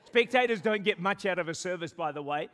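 Casting note: New Zealand male pastor, mid-high voice, lively sermon delivery with jokes and drawn-out prayers. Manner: animated, laughs often and jokes with the congregation; pleading slowly when quoting prayers. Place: church service with a congregation.

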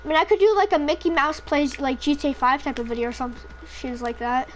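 High-voiced woman rambling over gameplay. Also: quick pace, a little hiss or hum. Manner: rambling, swears freely, self-deprecating. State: tired, throat feels off. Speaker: gamer commentating gameplay. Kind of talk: casual gameplay commentary.

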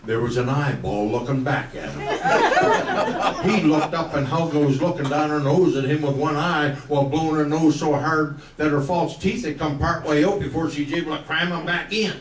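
A man's voice: on the high side, distant mic. A man telling comic country yarns on stage in a folksy, slangy way, chuckling through his lines. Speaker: country comedian storyteller. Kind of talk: stand-up comic storytelling. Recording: roomy, from off the mic.

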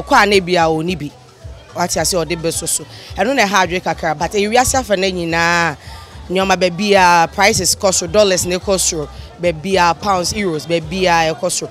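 A Ghanaian-accented market woman answers questions in a street interview. She speaks calmly and matter-of-factly. Faint music runs behind her voice. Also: lowish voice, normal speed. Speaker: market trader.

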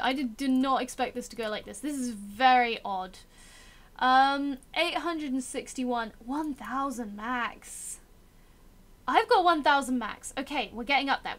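A woman's voice: high-pitched, a bit bright. A young woman giving casual, self-mocking commentary as she plays a strategy game and talks to its characters. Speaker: gameplay commentator.

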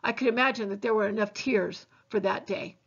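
A woman teacher reading a novel aloud in a steady, earnest way with occasional small slips. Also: mid-range voice, brisk, vocal fry, breathy edge. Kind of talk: novel read-aloud narration. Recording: dull lo-fi recording.

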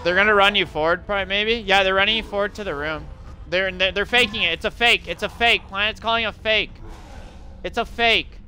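Young man barking fast game callouts. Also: sits high, slight background noise. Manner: rapid shouted callouts and countdowns, swearing, slangy. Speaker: streamer calling plays for his team. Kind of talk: live gameplay commentary to teammates.

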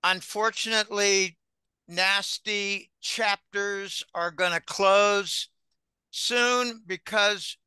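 High, bright-voiced man giving slow warnings. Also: steady tone, clean tone, dry recording. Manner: deliberate, ominous warnings with some restarts. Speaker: guest financial commentator. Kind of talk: interview answers.

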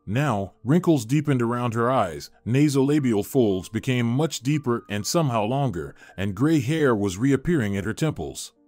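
A man's voice: medium pitch, no echo, faint music behind. Man narrating a story, dry. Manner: steady, measured reading.

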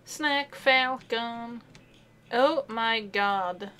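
A woman's voice: fairly high pitch, drawn-out words, sharp tone, clean tone. A woman streamer playing a game and reading its dialogue aloud, laughing and swearing as she goes. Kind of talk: let's play commentary. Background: faint game music.

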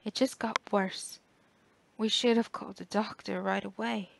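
A woman's voice: mid-range voice, fairly even intonation, a little slow, vocal fry, a little hiss or hum. A woman voicing a frightened, guilt-ridden mother with a shaky, anxious voice in an audiobook. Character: worried, frightened middle-aged mother.

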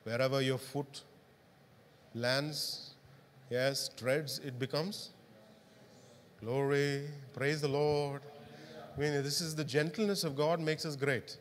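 A man's voice: medium pitch, fairly even intonation, slow, long pauses, slight background noise. A male pastor preaching a sermon, often asking the congregation questions. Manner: interactive, asks the congregation questions. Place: church hall. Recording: long hall reverb.

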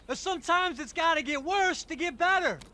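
A smarmy, laid-back male tennis coach in a video game, speaking in a bright, high voice with an easy bro drawl. Faint game noise runs underneath. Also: brisk. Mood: breezy. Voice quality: easygoing surfer-bro drawl.

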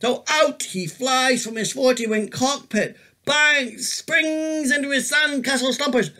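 A man reading his picture book aloud, expressive and animated. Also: very high voice, measured pace. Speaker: storyteller.

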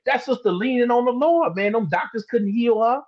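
Husky high-voiced man preaching casually. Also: animated, fairly quick. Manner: colloquial, emphatic, drawls words for stress. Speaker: teacher in a Bible discussion broadcast. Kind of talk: casual preaching in a live streamed Bible discussion. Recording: dull lo-fi live stream audio.

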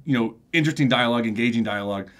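A man hosting a film review show, giving his take in casual back-and-forth chat. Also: medium pitch. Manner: animated, quick, lively delivery.

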